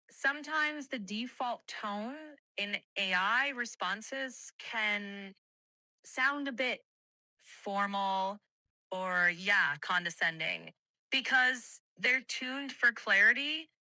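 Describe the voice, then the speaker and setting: Ai assistant lady voice, slow and polite, really bright and crisp, dry. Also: mid-range voice, no room sound. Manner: polite, measured, accommodating. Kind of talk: conversational AI replies.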